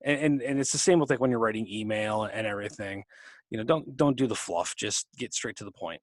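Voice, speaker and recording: Rambling through casual podcast chat and often starting sentences over, this co-host talks a little fast in a fairly low voice. The recording is dry and studio quality.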